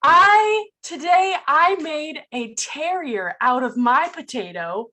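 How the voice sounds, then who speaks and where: A woman improvising a cheerful co-host of a children's show, speaking in a chirpy, drawn-out way. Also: sits high, lively intonation, pushed and bright, full character voice. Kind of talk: improv comedy scene.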